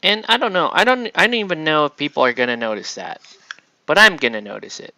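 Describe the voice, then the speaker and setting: A man's voice: fairly high pitch, animated, fast talker, pushed and bright, dry recording. A man hosting a casual painting tutorial, chatty and rambling as he works, often checking in with "right?". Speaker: miniature painting host. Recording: dull lo-fi dry sound.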